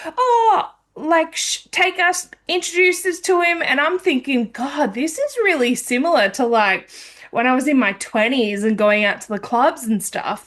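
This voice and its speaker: A woman's voice: a little high, fairly bright tone. A woman hosting a podcast, telling a personal story in a candid, meandering way. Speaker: podcast host.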